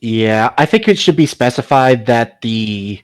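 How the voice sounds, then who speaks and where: A man's voice: medium pitch, animated, unhurried, clear, resonant tone, no echo, studio quality. A man in casual chat as a podcast co-host, laughing often and trailing off into repeated words.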